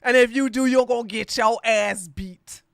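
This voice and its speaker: A woman's voice: on the high side, normal speed, no echo, clean studio sound. Sassy, blunt woman podcast host. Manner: blunt, sassy and mocking, slangy, talks straight at the audience. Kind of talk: casual political commentary.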